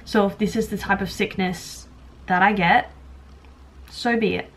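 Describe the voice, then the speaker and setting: A woman's voice: mid-range voice, steady tone, unhurried. Frank rambling young woman vlogger. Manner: rambling, frank, self-mocking. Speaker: vlogger and childminder. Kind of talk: candid talk to camera. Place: home, moving between rooms.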